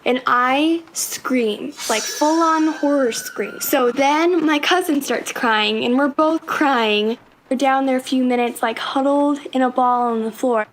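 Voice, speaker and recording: A woman casually telling a first-person story in an excitable, chatty way, full of "like" fillers. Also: high-pitched, measured pace, slight background noise, rough recording.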